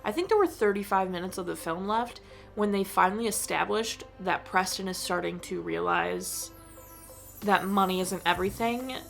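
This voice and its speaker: This woman's voice is fairly low and gravelly. A vlogger who reviews films, she talks through a movie casually, rambling, exasperated, and leaning heavily on the word "like."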